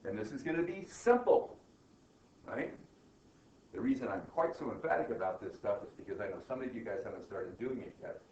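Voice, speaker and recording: A man's voice: lowish voice, animated, a little fast, darkish tone. A middle-aged man lectures a class on accounting in an emphatic way, constantly checking in with his students. His voice is caught from far off in a reverberant classroom, the sound muffled and a little dull, with faint room noise behind. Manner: emphatic, peppers questions with "right?" and "okay?". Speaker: accounting instructor.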